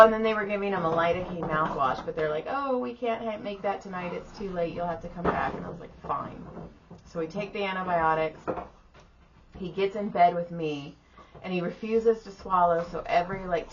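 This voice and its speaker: Casual podcast co-host, middle-aged woman, gravelly low voice, profane animated storytelling, slightly dull audio. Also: a little fast. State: exhausted. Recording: slightly dull audio with faint room noise.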